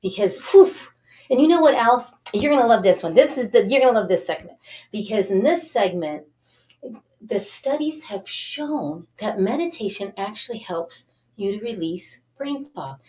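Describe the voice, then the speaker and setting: An animated woman hosts a self-help show and coaxes her viewers along. Her pitch sits in a middle range for a woman, and she guides them through breathing exercises in an encouraging voice. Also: moderate pace. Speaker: host.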